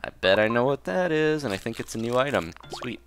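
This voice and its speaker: A man giving relaxed, rambling commentary while playing a cozy video game, often restarting his sentences. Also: mid-range voice, a little fast. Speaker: gameplay commentator. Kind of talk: casual let's-play commentary. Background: game music.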